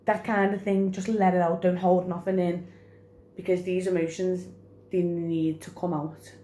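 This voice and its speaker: A woman's voice: lowish voice, little pitch movement, moderate pace, mellow, slight background noise. A young woman, talking to her phone camera in a personal vlog, rambling with many fillers and crying while she laughs. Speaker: vlogger.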